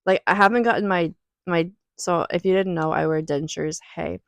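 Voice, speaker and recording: A woman's voice: lowish voice, fairly even intonation, normal speed, vocal fry, no echo. Woman, young adult, confessional vlog, emotional, rambling, near tears, dry close sound. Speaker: vlogger.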